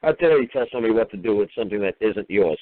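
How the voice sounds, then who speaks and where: A man's voice: lowish voice, expressive, very fast, no room sound. A man hosting a call-in talk show, scolding a caller in a profane, sarcastic way. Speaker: host. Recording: phone-quality radio audio.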